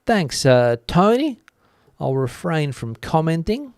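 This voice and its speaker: A man hosting a live stream, chatting easily as he reads out and answers viewer comments, with plenty of "uh" pauses along the way. His voice is smooth and clear, recorded close and dry with no room sound. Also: a little high, sing-song, a little mellow, no echo. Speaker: channel host. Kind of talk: live-stream chat reading.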